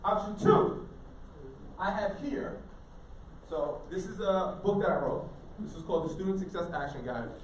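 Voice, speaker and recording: A man speaking to students as a motivational speaker, playful and jokey, tossing questions to the crowd. His voice sits a little high. It rings through an echoey school auditorium, picked up from far off with a faint hiss. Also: animated, normal speed. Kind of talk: live speech to students.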